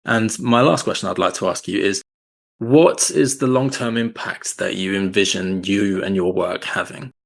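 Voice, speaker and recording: Low, gravelly-voiced podcast host. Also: male voice, normal speed. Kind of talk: interview questions and reflections.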